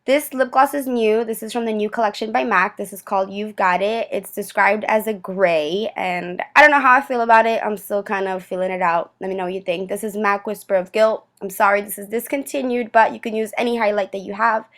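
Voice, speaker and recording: A woman's voice: medium pitch, a little fast, few pauses, a bit bright. Chatty young woman doing a makeup tutorial. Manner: chatty, enthusiastic, talks to viewers as friends. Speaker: beauty vlogger.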